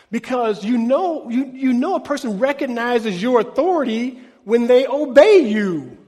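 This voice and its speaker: This is a pastor whose very high voice rings with long reverb through a large hall as he preaches. He keeps the sermon conversational and lively, turning questions back on the room.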